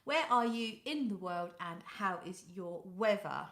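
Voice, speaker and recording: A woman's voice: mid-range voice, animated, measured pace, roomy sound. A British woman hosting a casual fragrance live stream, greeting viewers by name and reading out their comments. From United Kingdom. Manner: coos softly when talking to her cat. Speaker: fragrance livestream host. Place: home room.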